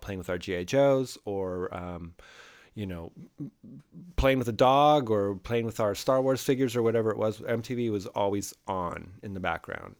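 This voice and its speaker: A man co-hosting a podcast, reminiscing in a relaxed, hesitant way. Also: fairly low pitch. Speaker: podcast co-host. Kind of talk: casual chat, reminiscing.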